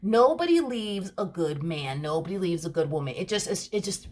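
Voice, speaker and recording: A woman's voice: on the low side, expressive, moderate pace, a little mellow. Chatty, emphatic tarot-reading woman. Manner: chatty and emphatic, repeats herself, calls the listener honey. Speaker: tarot reader. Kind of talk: casual tarot reading to camera.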